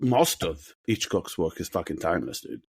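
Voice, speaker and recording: A man co-hosting a casual film podcast, blunt and sweary, quick to agree emphatically. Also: deep voice, big pitch swings, creaky, slightly rough. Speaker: podcast co-host. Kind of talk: casual film-talk chat.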